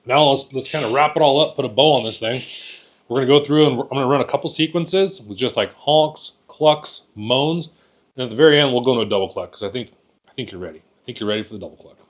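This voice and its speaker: A man's voice: medium pitch, fast talker. A man teaching hunters how to call geese, talking in a folksy way, often repeating words and checking in with "right?". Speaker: goose calling instructor. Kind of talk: casual instructional talk.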